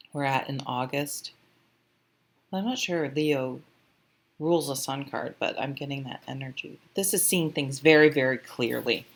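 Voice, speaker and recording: A woman giving a casual tarot reading to camera, chatty and rambling, getting emotional at times and swearing freely. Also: low-pitched. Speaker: tarot reader.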